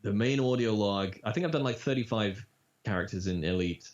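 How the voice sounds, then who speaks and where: A man in a relaxed interview, talking about his voice acting work. He tells stories with lively energy and drops into character voices now and then. His voice sits on the low side, and the recording sounds dull and lo-fi. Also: brisk. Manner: animated storyteller, breaks into demo voices. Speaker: voice actor. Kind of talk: casual interview chat. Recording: dull lo-fi audio.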